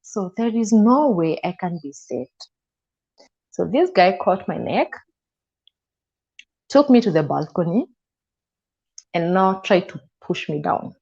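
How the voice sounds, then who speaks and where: Slow and often pausing, this Kenyan woman's lowish voice is gravelly, husky and darkish, yet lively in intonation. As an interview guest she recounts a personal story emotionally, acting out what others said, with a slightly muffled lo-fi sound.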